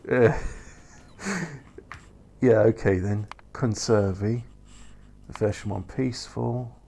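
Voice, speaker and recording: Gravelly low-voiced man rambling over gameplay. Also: warm tone, a little hiss or hum. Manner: rambling, self-correcting, wry asides. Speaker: gamer playing a factory game. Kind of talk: casual let's-play commentary.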